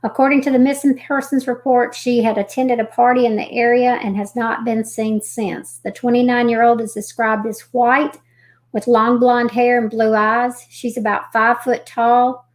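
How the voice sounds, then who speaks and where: A woman hosting a live stream, reading missing persons reports aloud haltingly, with folksy chatty asides. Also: fairly high pitch, flat delivery. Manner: reads haltingly, stumbling over names and restarting.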